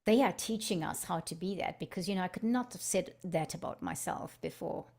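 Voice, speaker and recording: A woman with a low, gravelly voice hosts a spiritual live stream. She is soft-spoken and slips into hushed chanting. She is heard over a video call. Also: a little fast. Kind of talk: guided meditation and casual chat.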